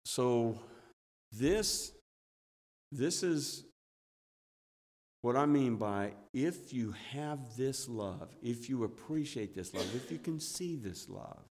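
A middle-aged man preaches a sermon, weaving in earnest personal stories that swell with excitement. His mid-pitched voice carries a long trailing reverb from the church sanctuary. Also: takes it slowly, pauses often.

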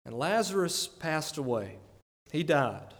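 A man with a slightly high, sing-song voice preaches slowly in a church sanctuary, earnest and conversational. He often checks in with the congregation by asking "right?", and his words ring with long church reverb.

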